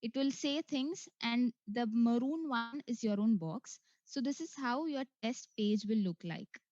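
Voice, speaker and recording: A woman talks the viewer through each screen of an online test, filling pauses with "so" and "uh". Her voice sits fairly high. The recording is dry and close, and a little muffled and dull. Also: darkish tone, dry recording. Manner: step-by-step instructional, frequent "uh" and "so". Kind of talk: screen walkthrough tutorial.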